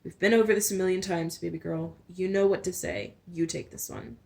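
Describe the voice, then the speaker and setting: A woman doing a calm, protective older man with a twang. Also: lowish voice, brisk, creaky. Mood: soft steely. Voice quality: warm affected twang. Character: protective middle-aged man, calm hard warmth.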